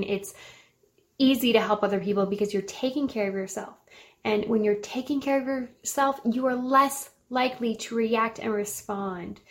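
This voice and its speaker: A woman in her thirties hosting a motivational self-help talk, earnest and encouraging, with an occasional laugh. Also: medium pitch. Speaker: podcast host.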